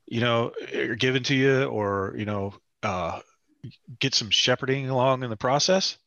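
Middle-aged male guest, lowish, rambling and wry, dull remote audio. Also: pushed and bright, no echo. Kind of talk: casual conversation.

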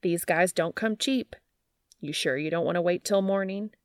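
A woman's voice: on the low side, animated, unhurried, gravelly, no echo, clean studio sound, full character voice. A woman doing a whiny, nasal, smug landlord. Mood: sly. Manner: sly, gleeful and smug. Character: sly, whiny male building manager.

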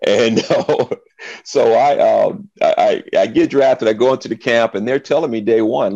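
A man's voice: mid-range voice, normal speed, gravelly, dry recording, dull audio. A middle-aged man, a former football player, tells his story in an interview and acts out the voices of the people in it. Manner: animated storyteller, acts out quotes.

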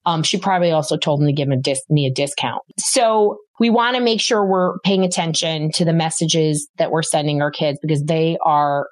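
A middle-aged woman talks through parenting advice in an animated, storytelling way, slipping into quoted voices as she goes. Her voice sits a little low for a woman. The sound is dry and close, with no room around it. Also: moderate pace, hardly any pauses, no room sound. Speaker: podcast host, parenting expert. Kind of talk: conversational advice talk.

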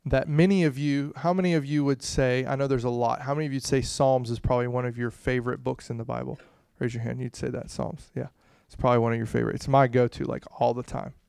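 A man preaching a conversational sermon to a congregation, swinging between hushed and loud passages, with frequent "you know" asides. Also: mid-range voice, steady tone, fast, creaky, few pauses, clean tone, no room sound, studio quality. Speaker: pastor.

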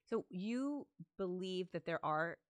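A woman's voice: lowish voice, lively intonation, takes it slowly, clear, resonant tone, no echo. A woman in a casual conversation, asking curious, engaged questions. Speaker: podcast co-host.

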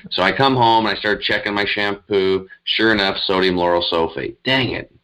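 The recording is rough, capturing a man with a lowish voice, normal speed and a sharp tone. He's a middle-aged health coach earnestly rambling through his story in casual interview storytelling, restarting often and using many fillers.

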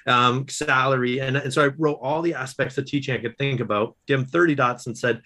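A man, a guest author and educator, telling stories in casual conversation, animated, with quick restarts. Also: mid-range voice. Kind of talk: casual storytelling.

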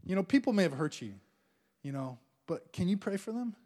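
A man preaching a sermon as pastor, playful and animated, acting out the prayers of his listeners with little laughs. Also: sits high, fairly quick.

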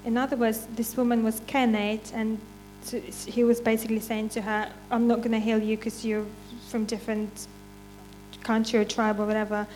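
A woman's voice: a little high, little pitch movement, normal speed, darkish tone, slight background noise. A woman giving an informal church testimony and reading scripture, chatty and unpolished, often breaking into laughs.

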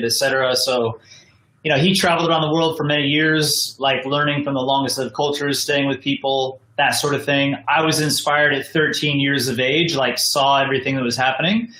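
A man's voice: mid-range voice, pushed and bright, reverberant, rough recording. An American man, a podcast guest joining by video call, telling his story in a casual, rambling way full of "like" and "you know". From United States. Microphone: video call from home.

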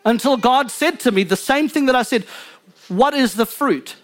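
A man preaching a sermon from the pulpit as pastor, fervent and emphatic, building intensity then dropping low. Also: lively intonation, normal speed.

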